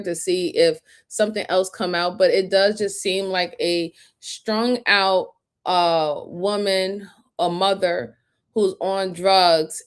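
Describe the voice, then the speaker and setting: A woman hosts a casual livestream, talking over crime footage in an easygoing way. She fills her pauses with ums and uhs and greets her viewers by name, and her voice sits at an ordinary middle pitch. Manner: relaxed, chatty, many fillers, greets viewers by name. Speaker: livestream host reviewing crime interrogation footage.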